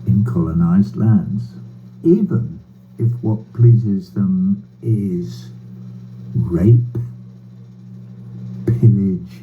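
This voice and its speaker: Slow sardonic man on a tinny line. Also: sits low, animated, faint music behind. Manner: slow, sardonic, with bitter laughs and swearing. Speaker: speaker addressing a rally by video. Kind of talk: prepared political speech. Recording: tinny phone-like line with faint hum.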